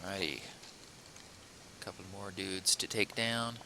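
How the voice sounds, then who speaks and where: A man's voice: low voice, measured pace, gravelly, noisy background. A man hosting a let's play, chatting casually through the gameplay in a rambling, self-correcting, playful way.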